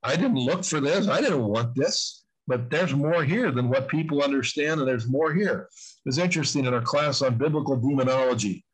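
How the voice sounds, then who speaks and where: An older man in his sixties speaks as an interview guest in an ordinary middle-pitched voice. He talks earnestly and conversationally, circling back and restarting his sentences as he goes. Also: moderate pace, breathy edge, poor audio. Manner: earnest, rambling with frequent restarts.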